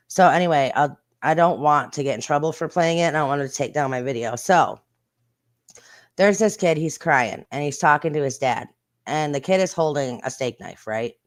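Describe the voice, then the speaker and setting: A livestream host reacts to viral clips in a blunt, indignant way, with mild swearing. The voice sits at an ordinary middle pitch and chats straight to the viewers. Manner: chatty, talks straight to the viewers. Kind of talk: casual livestream commentary on viral videos.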